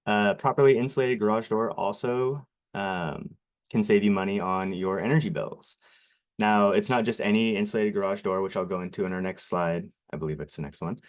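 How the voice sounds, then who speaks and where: A man's voice: lowish voice, fairly quick. A man giving a nervous, self-deprecating presentation about his work, with lots of fillers and apologies. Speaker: garage door company presenter. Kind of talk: local TV sales presentation.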